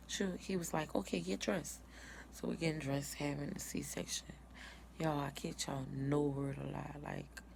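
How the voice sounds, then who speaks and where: A woman's voice: deep voice, creaky, slight background noise. A woman telling her birth story in a casual vlog, acting out each person's words as she goes. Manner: casual, retells dialogue in quotes.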